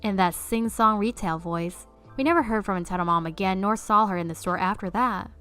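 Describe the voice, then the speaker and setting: A woman narrates online stories in a steady read-aloud. Her voice sits at a middle pitch. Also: fairly quick, clean tone, faint music behind.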